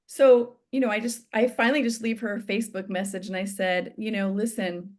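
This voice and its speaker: A woman in an interview, recounting events at an ordinary pitch. She talks it through step by step and leans into the lines she quotes, acting out each voice as she retells it. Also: steady tone, brisk. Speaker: guest. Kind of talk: storytelling in an interview.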